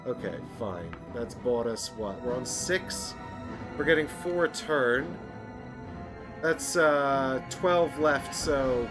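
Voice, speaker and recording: A man playing a board game and thinking aloud, sighing and cursing openly when things go wrong. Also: mid-range voice. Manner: emotional, sighs and curses at bad luck. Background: background music.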